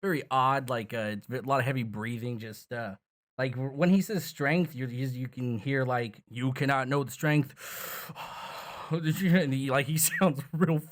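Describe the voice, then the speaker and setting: A man's voice: medium pitch, moderate pace. A man explaining a tutorial in loose, rambling casual chat, tired and dropping curses as he goes. He talks down his own efforts with a laugh. His voice sits in an ordinary middle range for a man. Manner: rambling, profane, self-deprecating. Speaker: gaming channel host.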